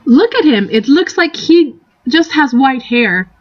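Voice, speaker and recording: A woman's voice: high-pitched, lively intonation, unhurried, muffled recording. A young woman chatting casually on a live stream, rambling and giggly, drifting into tangents.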